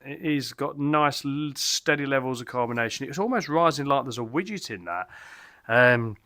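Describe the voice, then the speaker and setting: A man's voice: mid-range voice, expressive, moderate pace, pushed and bright, no echo, studio quality. A man from England hosting a casual beer review vlog from his home pub, chatty and rambling, enthusiastic and tripping over German names. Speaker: beer reviewer, channel host.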